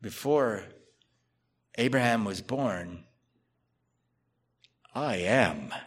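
A man preaching a sermon, reading scripture aloud and then explaining it in a conversational way, moving between loud emphatic lines and quiet asides. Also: lowish voice, extremely slow. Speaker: pastor.

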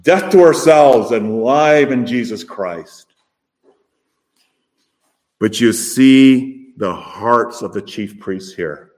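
A man preaching a sermon, emphatic and full of rhetorical questions, with his voice rising and falling in loudness. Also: medium pitch, expressive, slow pace.

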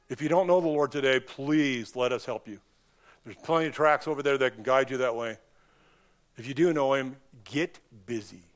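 A male pastor gives a church sermon with emphasis and passion, his voice suddenly rising and falling in pitch and loudness.

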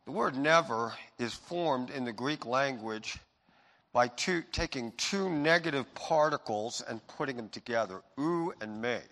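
A man preaching a sermon, moving between loud emphatic passages and soft, intimate reassurance. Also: mid-range voice, expressive, a little slow. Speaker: pastor. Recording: long hall reverb.

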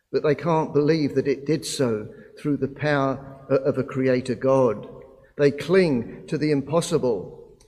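A man preaching a sermon at an unhurried, measured pace, with a middle-pitched voice. He pauses often with "uh" between phrases. The voice carries a long, hall-like reverb. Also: a little mellow. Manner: slow, deliberate delivery with frequent "uh" pauses.

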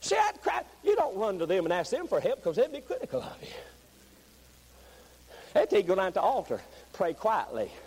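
A man preaching a revival sermon, moving from low, plain talk up to high, shouted pleading. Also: wildly swooping pitch, fairly quick, pauses often, husky, low-quality recording.

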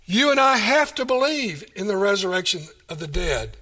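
A man's voice: high voice, very animated, moderate pace, pushed and bright. A man preaching a sermon, emphatic and full of rhetorical questions. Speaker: pastor.

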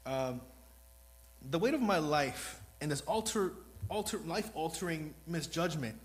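A man's voice: a little high, lively intonation, a little slow, a little hiss or hum, low-quality recording. A man preaching a sermon in an earnest, rambling, self-deprecating way, new to speaking before this congregation. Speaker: lay preacher.

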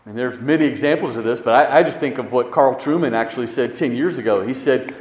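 A man preaching a sermon as pastor, swinging between loud emphasis and hushed, low stresses. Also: fast, few pauses. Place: church sanctuary. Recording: echoey church hall.

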